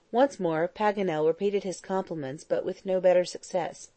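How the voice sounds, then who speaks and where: Low, mellow woman reading an audiobook. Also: moderate pace, hardly any pauses, no echo. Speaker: audiobook narrator. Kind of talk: scripted narration.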